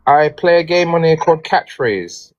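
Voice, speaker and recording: A man's voice: a little high, animated, normal speed, muffled recording, a little hiss or hum. A man with an English accent hosting a game on a livestream, polite and hesitant, with fillers and restarts. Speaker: game host.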